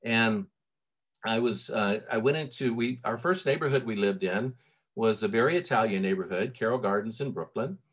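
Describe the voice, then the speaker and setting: With a fairly low male voice at a normal pace, a middle-aged Southern pastor from Tennessee gives a sermon. He keeps it relaxed and chatty, often restarting and using fillers.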